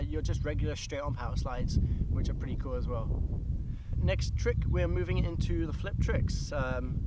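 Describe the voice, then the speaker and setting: A young man vlogging casually about skateboard tricks, chatty and loose with lots of fillers. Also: mid-range voice. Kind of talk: casual tutorial talk. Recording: outdoor recording with loud background noise.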